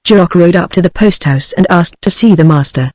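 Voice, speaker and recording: A woman's voice: lowish voice, brisk, no room sound, rough recording. Dry synthetic British woman reading a book. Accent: British English. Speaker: audiobook narrator. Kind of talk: text-to-speech book reading.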